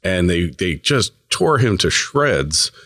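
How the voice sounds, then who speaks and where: A man's voice: low-pitched, sing-song, slow pace, a bit bright, no echo, clean studio sound. A man hosting a casual interview, talking in an emphatic, conversational way. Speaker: host.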